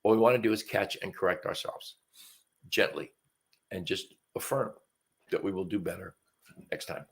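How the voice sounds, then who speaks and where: Hosting a webcam live stream, a North Carolina man in his seventies talks casually in an earnest, folksy manner, full of fillers and restarts and slightly sniffly from allergies. His low, gravelly voice moves at a moderate pace with long pauses.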